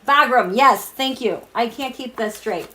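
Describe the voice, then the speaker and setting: A woman hosting a tarot livestream at night, chatting casually with viewers, animated, laughing often and reading their comments aloud. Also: on the high side, measured pace, a little hiss or hum. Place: home, at night.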